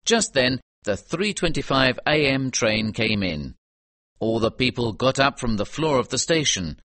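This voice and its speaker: A man narrating a storybook in a clear, measured way. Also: mid-range voice, big pitch swings, a bit bright, no echo. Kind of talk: scripted audiobook narration.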